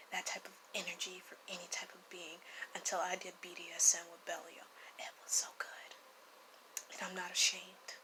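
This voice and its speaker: A young woman casually telling a personal story to camera, animated and swearing freely, often dropping into hushed whispers. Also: on the low side, noisy background. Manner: animated, profane, laughs often; slips into hushed whispers for emphasis. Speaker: vlogger recounting spiritual experiences.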